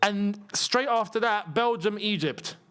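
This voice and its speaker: A man hosting a live football watchalong, chatty and rambling, with excitable bursts at the match action. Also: sits high, a little slow, smooth. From England. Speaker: football channel host.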